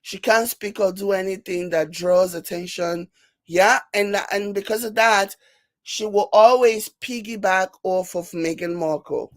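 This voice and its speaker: A woman with a Nigerian accent hosting a casual commentary show, reading viewer comments and mocking them with animated, repetitive emphasis. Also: medium pitch, unhurried, dry recording. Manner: animated, laughing, mocking, repeats herself for emphasis. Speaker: commentary channel host.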